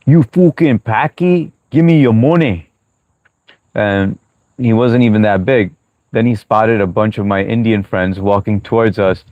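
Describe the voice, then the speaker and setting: Low-voiced man rambling through a live chat. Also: no echo, dull audio. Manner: rambling, chatty, many fillers and restarts. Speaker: livestream host reading chat. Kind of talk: casual live-stream chat.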